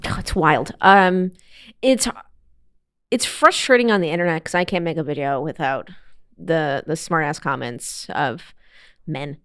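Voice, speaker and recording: A woman's voice: low voice, measured pace, a bit bright, clean tone. A young woman talking casually as a podcast guest, chatty and laughing often. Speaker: guest, motorsport streamer. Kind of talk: casual interview chat.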